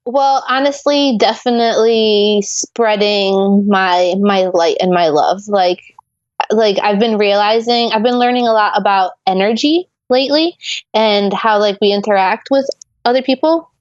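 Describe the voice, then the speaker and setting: A woman's voice: medium pitch, measured pace, no room sound, dull audio. A young woman from Poland, a guest on an interview, chatting in an upbeat, bubbly way with many fillers. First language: Polish. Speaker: guest, intuitive artist. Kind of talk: casual interview chat.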